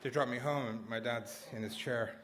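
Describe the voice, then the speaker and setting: A man's voice: medium pitch, fairly even intonation, moderate pace, heavy background noise. A man performing a comic personal story at a live story slam, rambling and self-mocking, laughing through his lines. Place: small live venue indoors.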